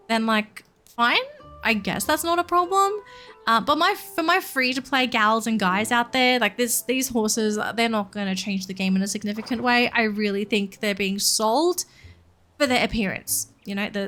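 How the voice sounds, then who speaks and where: A woman's voice: fairly high pitch, bright, forceful tone. A young woman casually commenting on a horse game as she plays, chatting to the characters on screen. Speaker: gaming channel host.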